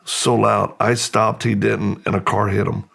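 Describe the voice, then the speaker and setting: A man from the United States, a guest in an interview, slowly and reflectively telling his life story with pauses and restarts. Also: on the low side, level tone, gravelly, a bit bright.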